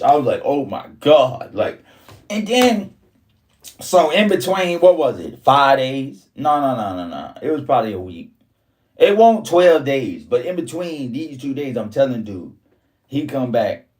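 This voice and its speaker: A man telling a story in casual, profane street talk, his voice jumping up high whenever he quotes himself. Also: darkish tone, far from the mic.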